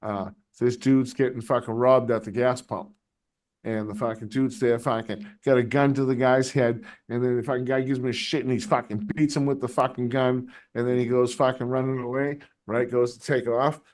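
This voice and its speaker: A man hosting a live stream, chatting casually and telling animated stories, swearing constantly. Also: medium pitch, moderate pace. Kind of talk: casual chat, storytelling.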